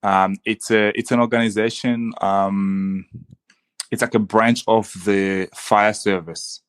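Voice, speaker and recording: Young man, low-pitched, enthusiastic, casual podcast guest, frequent restarts. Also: level tone, takes it slowly, smooth. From Congo. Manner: earnest, enthusiastic, many restarts and "dude". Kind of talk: casual conversation.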